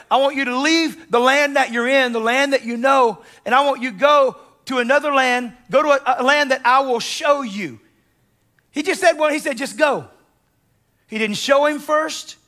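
A man preaching in a church sanctuary, his voice pitched very high for a man and ringing bright. He fires rhetorical questions at the congregation, then sinks to near-whispers before surging back with passion. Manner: impassioned preaching with sudden soft drops and rhetorical questions. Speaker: guest pastor. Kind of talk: sermon.

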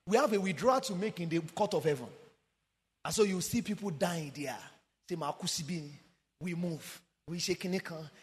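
A man preaching a sermon with passion, swinging from sung, shouted emphasis down to quiet low asides. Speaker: pastor. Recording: long hall reverb.

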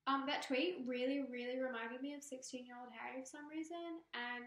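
A high, bright-voiced woman gushes through a casual fan vlog. She laughs and squeals often, and her room rings with a noticeable echo. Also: fairly even intonation, fairly quick. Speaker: fan vlogger. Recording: roomy echo.

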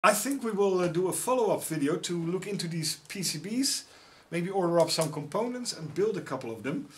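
A middle-aged man with a Dutch accent unboxing gifts in a casual vlog, exclaiming often with excitement. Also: high voice, fairly quick, slight background noise. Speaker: YouTuber.

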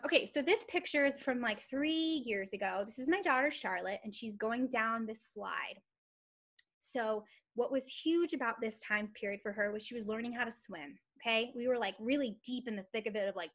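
A woman in her thirties giving an energetic, emphatic motivational talk to her team on a training call, telling a personal story. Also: fairly high pitch. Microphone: call or webinar mic.

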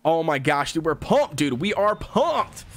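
A man's voice: fairly high pitch, sing-song, measured pace, dry recording. A man streaming a game live, cheering and hyped as he comments on his pulls and talks to chat. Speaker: gaming livestreamer.

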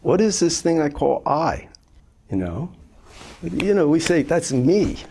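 A man in his seventies, a Zen master giving an informal, gently humorous dharma talk in a conversational storytelling manner. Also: a little high, very animated, unhurried, vocal fry, a little hiss or hum. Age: 70s.

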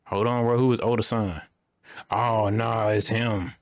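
A man's voice: fairly low pitch, steady tone, a little slow, no room sound. A young man giving loose, slangy running commentary while playing a video game. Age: young adult. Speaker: gaming streamer. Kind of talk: casual gameplay commentary.

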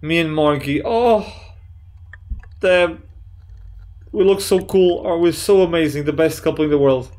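A man giving excitable, jokey let's play commentary, swearing often and reading chat messages aloud in playful voices. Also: on the high side, a little slow, long pauses. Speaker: gaming YouTuber.

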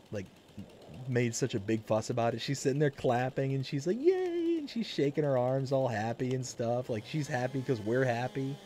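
Guy rambling on his stream, warm mellow voice, lots of uhs and likes, bit of hiss. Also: medium pitch. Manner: rambling, many fillers and restarts. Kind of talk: casual live-stream chat.

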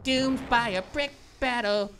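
A woman voicing an excitable, goofy cartoon grape who gives let's-play commentary as a gaming channel host. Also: fairly high pitch, slow pace, slight background noise. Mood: excited. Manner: excitable, exclaims and laughs, cartoonish.

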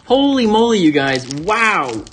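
A man's voice: fairly high pitch, lively intonation, normal speed, fairly bright tone, a little hiss or hum. A man hosting an unboxing video, talking casually to viewers and gushing over each card. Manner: chatty, addresses viewers as "you guys"; gushing exclamations. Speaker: card-opening channel host.

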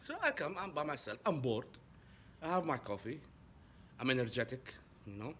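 Animated Saudi man telling a story. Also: moderate pace, a little hiss or hum. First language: Arabic. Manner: animated, voice jumps high when excited. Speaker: vlogger. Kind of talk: casual storytelling monologue.

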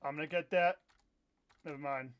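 A young man from Iowa in his twenties, hosting a live gameplay stream and chatting in a rambling way, with sudden loud outbursts when the game goes wrong. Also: on the high side, fairly even intonation, moderate pace. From Iowa, USA. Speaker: livestream host. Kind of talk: casual live gameplay chat.

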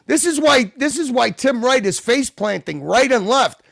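A man hosting a casual livestream, loud, profane and repetitive as he reacts to clips. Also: very high voice, lively intonation, normal speed, gravelly, no room sound, studio quality. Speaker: livestream host.

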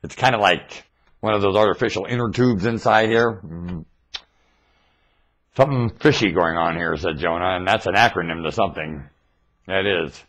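A man talking into his webcam in a rambling monologue, theatrical and erratic, swinging from low mutters to excited shouts. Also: moderate pace. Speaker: self-styled webcam broadcaster.

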